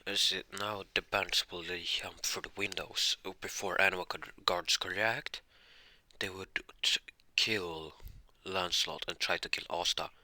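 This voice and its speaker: A man narrating an improvised fan-fiction story, halting with many restarts and self-corrections. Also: deep voice, fairly even intonation, bright, forceful tone.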